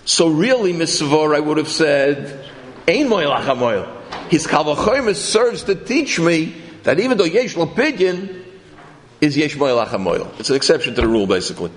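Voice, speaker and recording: Animated male Talmud teacher in a reverberant room. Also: a little high, normal speed, a little hiss or hum. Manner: animated, questioning, self-correcting. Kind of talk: Talmud class lecture.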